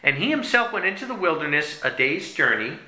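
Male preacher, sermon delivery, slightly high and very bright voice, loud-to-hushed swings, roomy echo. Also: very animated, fairly quick. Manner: reads scripture then preaches with sharp swings from loud to hushed. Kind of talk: sermon with scripture reading.

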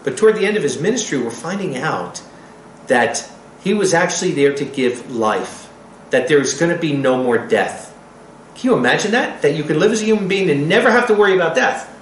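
Мужчина-проповедник, оживлённо читает проповедь, высокий голос, гулкая комната с лёгким фоном. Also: male voice, fairly high pitch, roomy sound, slight background noise, low-quality recording. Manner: animated, acts out quotes. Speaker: preacher. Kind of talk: sermon.

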